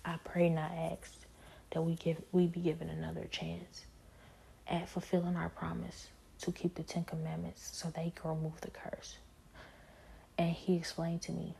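Low, flat, gravelly-voiced woman testifying. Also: a little hiss or hum. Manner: earnest, halting, many restarts and filler phrases. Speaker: believer sharing a personal testimony. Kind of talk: personal religious testimony.

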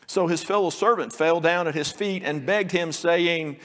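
A man's voice: a little high, expressive, normal speed, few pauses, fairly bright tone, big-room sound. A male pastor preaching an earnest sermon, now and then acting out the pleading lines of the story. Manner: earnest preaching, acts out quoted pleas.

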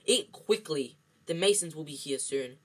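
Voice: mid-range voice, animated, moderate pace, fairly bright tone. Aunt Petunia, a snappish bossy aunt , voiced by a reader. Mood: snapping. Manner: snapping orders. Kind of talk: amateur read-aloud storybook.

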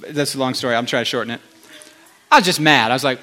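A male pastor giving a conversational sermon, animated, with chatty asides to the congregation. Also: medium pitch, fast, pauses often.

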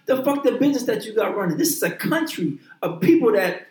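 A man's voice: high-pitched, very animated, fairly quick. A man in heated casual chat, profane and emphatic, often repeating and restarting his words. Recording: roomy echoing room.

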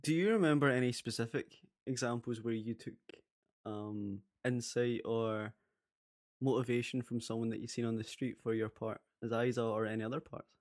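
A man hosting an interview and asking questions in a halting way. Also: medium pitch, fairly even intonation. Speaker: podcast host.

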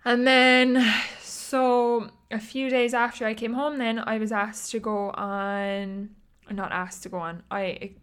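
A young woman with an Irish accent, hosting her own podcast in a chatty, rambling way and laughing often. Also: medium pitch. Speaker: podcast host. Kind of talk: casual chat.

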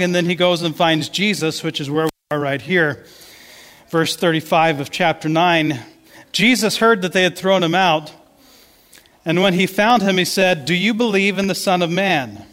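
A man's voice: sits high, steady tone, normal speed, a bit bright, long reverb tail. A man giving a sermon, telling a story in a conversational way with many restarts. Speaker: pastor.

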